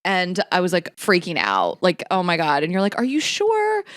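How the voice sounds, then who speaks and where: A woman with a lowish voice co-hosts a chat show and tells a rambling story, laughing and swearing. The sound is close and dry, with no room echo. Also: big pitch swings, moderate pace, a bit bright, clear, resonant tone. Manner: chatty, laughing, swears freely. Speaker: podcast co-host.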